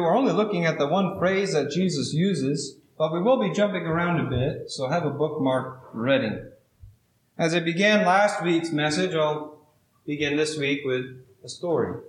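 A man preaching a sermon, reading scripture and then telling a story in a measured, drawn-out way with dramatic pauses. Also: on the high side, reverberant, poor audio. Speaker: pastor.

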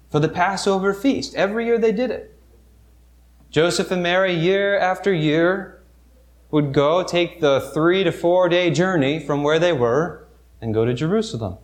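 A man preaching a sermon, retelling a Bible story vividly with halting restarts and soft asides. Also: fairly high pitch.

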